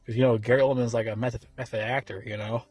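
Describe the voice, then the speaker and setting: A man's voice: medium pitch, level tone, quick pace, a little mellow, husky, dry recording, faint music behind. A man giving a casual film review, rambling and swearing freely, with many fillers and restarts. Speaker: movie reviewer.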